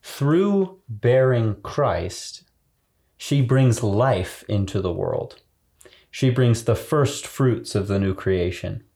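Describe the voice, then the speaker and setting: A man co-hosting a religious podcast as a priest, explaining theology in a slow, thoughtful way and laughing easily. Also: mid-range voice, lively intonation, warm tone.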